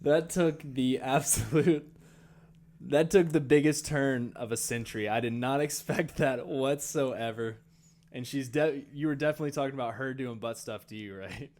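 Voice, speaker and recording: A man's voice: medium pitch, normal speed, darkish tone. A man co-hosting a comedy podcast, chatting casually and playfully. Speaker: podcast co-host.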